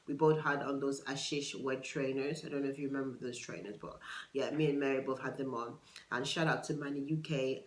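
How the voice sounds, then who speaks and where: A woman's voice: very deep voice, echoey room, rough recording. A woman hosting a solo podcast, chatting casually and digressing into gossipy asides. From United Kingdom. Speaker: podcast host. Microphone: camera for a video podcast.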